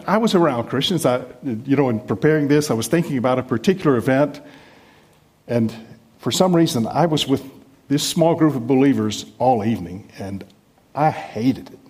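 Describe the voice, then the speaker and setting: A middle-aged man from the United States preaching a sermon in a conversational, self-deprecating way with lively emphasis. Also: medium pitch, slightly rough. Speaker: pastor.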